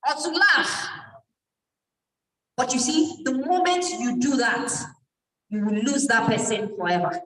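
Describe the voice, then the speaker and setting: A middle-aged Nigerian woman speaks to a church youth gathering at an unhurried pace, often stopping to ask the audience questions. Her voice is a touch high. She is recorded from a distance in a large, echoing hall. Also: lively intonation, a bit bright. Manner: asks the audience questions and answers them. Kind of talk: motivational talk to an audience. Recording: echoey hall, mic from far off.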